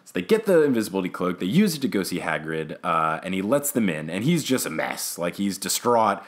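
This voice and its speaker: A young man hosting a podcast, casually recapping a book chapter by chapter and briefly acting out the characters as he goes. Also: deep voice. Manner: animated storyteller, acts out characters in quick asides. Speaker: podcast host.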